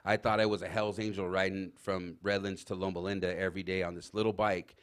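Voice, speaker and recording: A man telling rambling, animated anecdotes in casual chat as a talk show guest, full of fillers. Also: low voice, brisk, clear, resonant tone. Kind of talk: casual storytelling.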